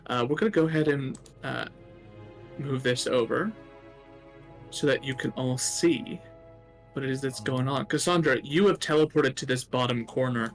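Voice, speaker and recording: A man's voice: mid-range voice, normal speed, soft background music. A man narrating a tabletop game as game master, rambling, with many fillers.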